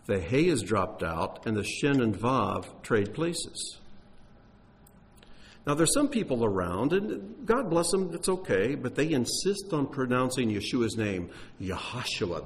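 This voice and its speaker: A man's voice: medium pitch, expressive, unhurried, slight background noise. A man teaching on Bible texts, explaining in a conversational way with occasional fillers.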